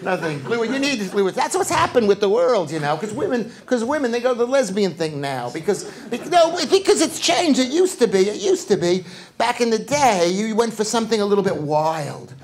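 A middle-aged man with a New York accent doing a live stand-up routine, rambling in a deadpan way and repeating his lines. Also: sits high, moderate pace. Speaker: stand-up comedian. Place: comedy club on stage. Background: audience laughter.

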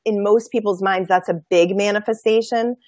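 A woman of medium pitch speaks enthusiastically and earnestly in a casual conversation. The recording is dry and close. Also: steady tone, normal speed, a little mellow, dry recording. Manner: enthusiastic, earnest spiritual talk. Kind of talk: casual conversation about manifesting.

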